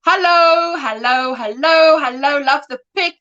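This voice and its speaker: Bright high-voiced woman chatting on a livestream. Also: slow, muffled recording. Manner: affectionate, reads viewer comments aloud, laughs often. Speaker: livestream co-host. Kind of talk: casual crochet livestream chat.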